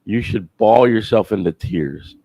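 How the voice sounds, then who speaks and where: A man's voice: lowish voice, a little slow, creaky, dark tone, no echo. A man on a call-in show, heckling and insulting the hosts. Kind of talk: heated call-in banter.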